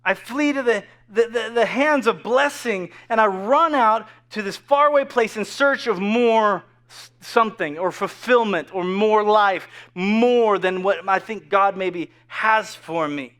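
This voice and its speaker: Higher-voiced man preaching an earnest sermon. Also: measured pace, hardly any pauses. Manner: animated, earnest preaching with many restarts and repeated words; drops to a soft hush for quoted whispers. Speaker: pastor.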